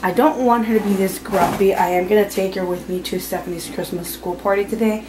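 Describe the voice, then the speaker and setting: A woman's voice: mid-range voice, steady tone, brisk. Casting: young mother, casual home vlog talk to a handheld camera, chatty, background noise. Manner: chatty, soothing baby in a sing-song voice. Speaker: vlogger, mother.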